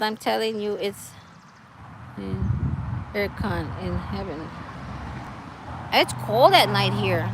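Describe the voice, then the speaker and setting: A woman's voice: fairly high pitch, slight background noise, low-quality recording. A woman chatting casually outdoors with her live-stream viewers, laughing often and reading out their comments. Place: outdoors, wind and trees nearby.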